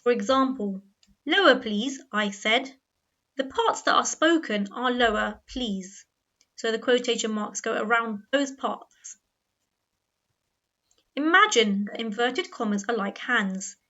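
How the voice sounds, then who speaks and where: A woman with a bright, fairly high voice gives a grammar lesson. She explains patiently and clearly and slows down on key points. The recording sounds dull and lo-fi. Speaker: teacher. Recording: dull lo-fi voice-over.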